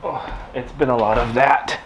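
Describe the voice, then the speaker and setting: A man's voice: mid-range voice, steady tone, a little slow. Casual male vlogger, mid-range voice, rambling home-studio chat with light background noise. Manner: chatty, rambling, talks to his puppy between thoughts. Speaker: craft vlogger. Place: indoors at home.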